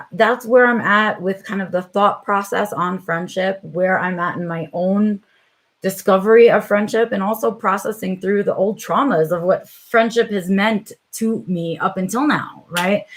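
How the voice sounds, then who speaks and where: A middle-aged woman hosting a live stream, talking reflectively and hesitantly with viewers, with lots of filler words. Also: medium pitch. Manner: reflective, hesitant, many "um"s and "right?"s. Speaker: vlog host on a live stream.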